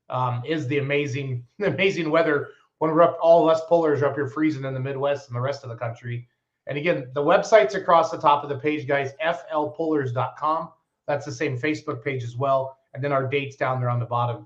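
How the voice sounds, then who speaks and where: A man hosting a live stream from his home, chatty and upbeat as he reads out viewer comments. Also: a little high. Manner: upbeat, chatty, lively promoter. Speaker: host of a live pulling show stream. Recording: dull lo-fi stream audio.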